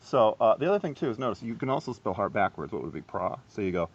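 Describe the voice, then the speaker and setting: A man's voice: fairly low pitch, very animated, quick pace, husky, lo-fi sound. A man giving a casual, rambling harp lesson, chatty and self-deprecating. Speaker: harp teacher. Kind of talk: casual instructional video.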